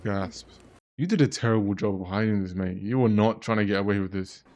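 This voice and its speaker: A man's voice: fairly low pitch, quick pace, a little mellow, lo-fi sound. Joking young man reacting to a film. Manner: chatty, joking, swears freely. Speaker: reaction video host. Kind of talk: casual reaction commentary.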